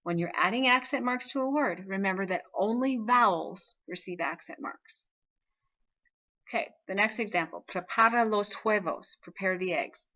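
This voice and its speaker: Bright-voiced woman teaching a video lesson. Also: medium pitch, normal speed, highs cut off. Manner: patient, explanatory, checks in with frequent "okay?". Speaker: Spanish teacher. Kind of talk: recorded classroom video lesson.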